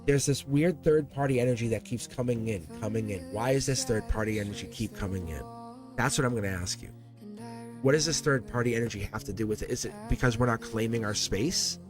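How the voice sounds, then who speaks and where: Male live tarot reader, chatty and teasing, animated delivery, clear music bed behind. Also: mid-range voice. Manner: chatty, teasing, laughs often. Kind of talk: live-stream tarot reading. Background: background music.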